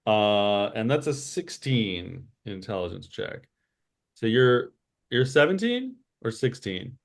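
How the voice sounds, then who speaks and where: Male game master, relaxed slow delivery, rambling narration. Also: lowish voice, vocal fry. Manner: unhurried, full of fillers. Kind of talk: running a tabletop game.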